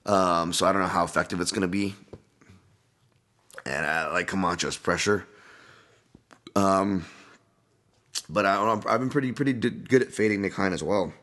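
A man with a deep, low voice talks through fight predictions in a loose, rambling podcast style. He fills his thoughts with ums and uhs and restarts his sentences as he goes, recording casually at home. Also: normal speed, pauses often, pushed and bright. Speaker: podcast host, fight analyst. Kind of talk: casual solo podcast breakdown. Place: at home, dog nearby.

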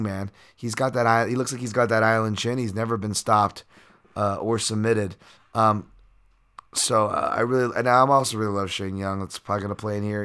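A man with a somewhat low voice hosts a solo podcast and talks through his picks in a casual, meandering way. He fills gaps with "um" and "uh", restarts his sentences, and drops the occasional curse word. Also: fairly bright tone. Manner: rambling, filler-heavy, occasional profanity. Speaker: podcast host and fight analyst. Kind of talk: casual betting breakdown monologue.

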